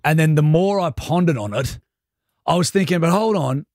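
A young Australian man hosting a radio show, telling a story in casual, animated banter. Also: fairly high pitch, normal speed, no echo, studio quality. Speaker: radio host. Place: radio studio. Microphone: studio mic.

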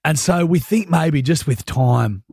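A man's voice: fairly high pitch, expressive, a little slow, gravelly, a little mellow, breathy edge, no echo, studio quality. A man hosting drive-time radio, bantering and teasing his co-hosts. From Australia. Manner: teasing, playful. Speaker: radio host. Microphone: studio microphone.

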